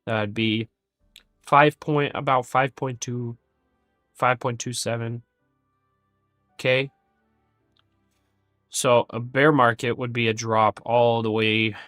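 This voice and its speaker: A man's voice: medium pitch, flat delivery, slow, pauses often, a bit bright, no room sound, clean studio sound, faint music behind. A man streaming his day trading live, thinking aloud through figures with candid self-criticism.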